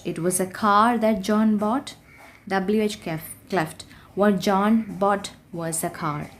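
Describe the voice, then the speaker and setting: A woman's voice: on the low side, darkish tone, slight background noise. Woman teaching a grammar lesson. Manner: clear, patient explaining with example sentences.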